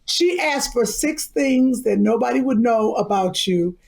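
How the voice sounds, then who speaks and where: High, lively woman bantering loudly. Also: measured pace, vocal fry. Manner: loud, laughing, defensive outbursts. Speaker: podcast co-host. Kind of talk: playful banter.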